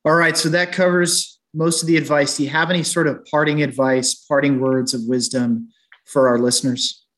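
A man's voice: a little high, level tone, moderate pace, a bit bright. Podcast host guy listing off advice, mid voice, easygoing chat. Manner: summarizing, list-like advice.

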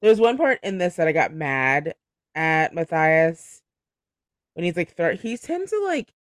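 A man's voice: a little high, big pitch swings, a little slow, a bit bright, no room sound, clean studio sound. A man hosting a book club podcast, chatting casually, laughing often and filling his speech with "like". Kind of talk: casual chat.

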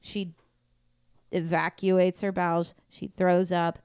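A woman hosts a true crime podcast, walking through a case at an unhurried pace. Her voice sits fairly low and is very clean and smooth. She talks bluntly and swears freely, and the recording is close and dry with no room sound. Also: flat delivery, darkish tone, no echo. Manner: blunt, profane, conversational retelling. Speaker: podcast host. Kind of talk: casual true crime storytelling.

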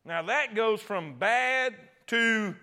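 A man with a high voice preaching a sermon. He repeats phrases and restarts often, driving his points home emphatically. He swings between loud cries and hushed, low tones. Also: lively intonation, slow pace.

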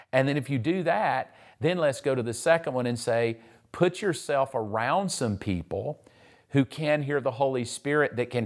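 A man pastor preaching conversationally, acting out the voices of people he quotes. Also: mid-range voice. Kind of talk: sermon.

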